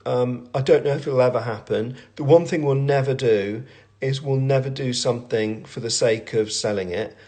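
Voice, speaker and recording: A man's voice: medium pitch, normal speed, dark tone. A middle-aged man answering questions in a casual live stream from home, rambling and self-deprecating, with lots of fillers and restarts, on a phone at arm's length. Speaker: brand owner and creative director hosting a live Q&A. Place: at home, with family in the room.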